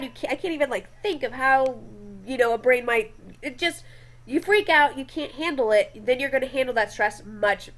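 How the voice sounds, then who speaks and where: A woman's voice: high-pitched, moderate pace, a bit bright. A young adult woman giving a casual classroom lecture from slides, chatty and often checking in with her listeners.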